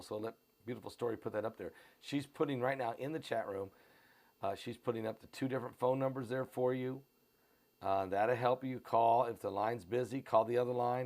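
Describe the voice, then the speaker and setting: A man with an American Midwestern accent hosting a live stream, pushing tickets in a repetitive, urgent pitch full of fillers. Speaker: host of a prophecy channel. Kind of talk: live-stream promotion and commentary. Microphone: on camera.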